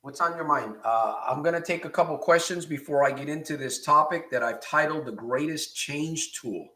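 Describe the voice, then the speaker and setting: A man's voice: a little high, moderate pace, pushed and bright, echoey room. A man hosting a live motivational stream as a recovery coach, greeting viewers and reading their comments aloud, with encouraging, repetitive phrasing. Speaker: recovery coach and show host.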